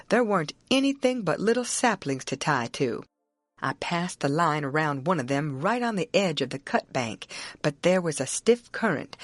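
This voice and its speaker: A woman's voice: on the low side, no echo. A woman narrating a classic novel as an audiobook, telling it first-person in a plain rural dialect.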